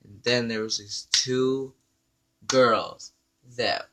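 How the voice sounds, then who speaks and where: Animated, bright-voiced male storyteller. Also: medium pitch, extremely slow. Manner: animated, profane storytelling with quoted dialogue. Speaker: vlogger. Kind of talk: storytime vlog.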